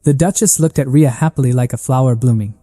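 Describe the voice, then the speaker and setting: A man narrating a story recap in a steady, even reading. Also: mid-range voice, fast talker, long reverb tail.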